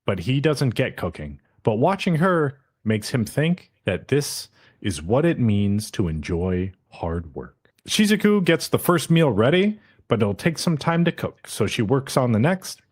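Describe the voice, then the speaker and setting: A man's voice: medium pitch, a little slow. Guy on a podcast retelling an anime ep, voice jumps around a lot, swears casually. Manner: animated retelling, acting out characters' lines. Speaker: podcast host recapping an episode. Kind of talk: casual recap chat.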